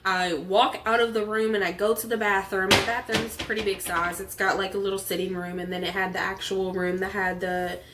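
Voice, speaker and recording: Woman host with a sore throat, telling her own story in an animated way and voicing the people she quotes. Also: mid-range voice, a little fast, hardly any pauses, heavy background noise. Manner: animated, acts out quoted voices, frequent laughs. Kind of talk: personal storytelling.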